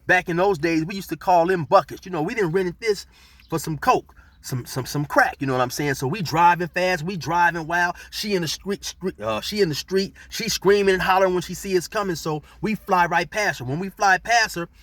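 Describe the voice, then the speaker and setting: A middle-aged man spinning a story in easygoing street slang, his voice sitting a bit high for a man. He rambles and circles back with fillers. The sound is close and dry, with no room echo. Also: fairly quick, fairly bright tone. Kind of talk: casual storytelling.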